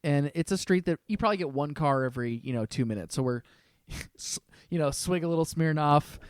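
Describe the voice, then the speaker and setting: Animated man telling a story, dry sound. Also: a little high, fairly quick, clean tone, no echo. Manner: animated, swearing, acts out quoted lines. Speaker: podcast guest. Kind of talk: casual storytelling chat.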